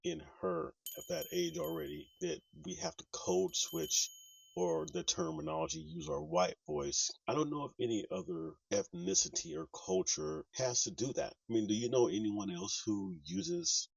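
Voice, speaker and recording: Gravelly-voiced man, distant dull mic. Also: a little high, animated, moderate pace, no room sound. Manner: reflective, talks straight to viewers. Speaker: vlogger reacting to clips. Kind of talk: casual commentary to camera.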